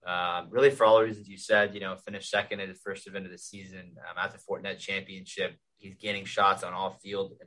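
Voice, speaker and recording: Low, flat-voiced man giving picks. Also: brisk, few pauses, low-quality recording. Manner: steady, many "um" fillers. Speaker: podcast co-host, golf betting analyst. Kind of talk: reading betting picks.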